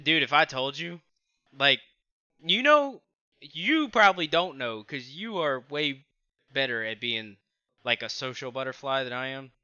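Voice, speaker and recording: A man's voice: medium pitch, animated, unhurried, bright, forceful tone, smooth, no room sound, muffled recording. A man guesting on a podcast, talking in a rambling, profane way that trails off mid-thought. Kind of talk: casual chat.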